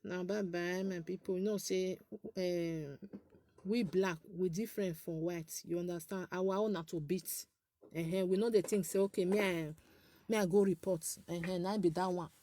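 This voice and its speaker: A woman's voice: on the low side, fairly even intonation, normal speed, warm tone, no room sound. Chatty Nigerian woman with a girlish voice. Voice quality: light, girlish voice. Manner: chatty and scolding, repeats herself, laughs often. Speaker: social media page host. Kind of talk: casual live chat with followers.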